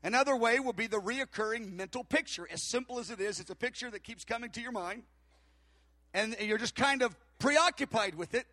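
Preacher, male, high bright voice, dry close sound, storytelling sermon. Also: fairly quick, no echo. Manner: storytelling, acts out dialogue, animated. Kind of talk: sermon with anecdote.

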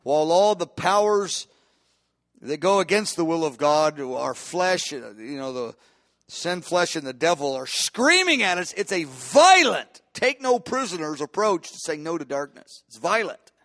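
A man's voice: a little high, expressive, measured pace, a bit bright, no room sound, clean studio sound. A man preaching a sermon with impassioned delivery, often restarting phrases and building to emphatic peaks.

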